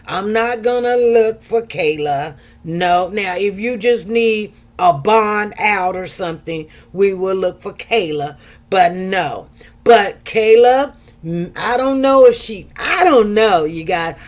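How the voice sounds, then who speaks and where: A woman talks casually to her audience in a fairly high voice. She tells personal stories with lots of animation and acts out each quote. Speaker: commentary host. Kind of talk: casual talk commentary.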